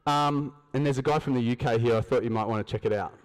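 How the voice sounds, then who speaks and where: On stage in a large event hall, an Australian man gives a motivational business talk, telling stories, acting out dialogue and asking the crowd questions. He talks fast in a clear, resonant, medium-pitched voice, and long hall reverb trails his words.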